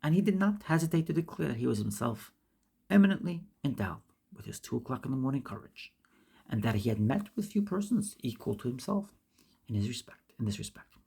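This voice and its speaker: A woman reading a classic essay aloud, with an emphatic delivery, often going back to fix misread words, in a gravelly, husky voice. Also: very deep voice, very animated, fairly quick, dark tone. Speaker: reader.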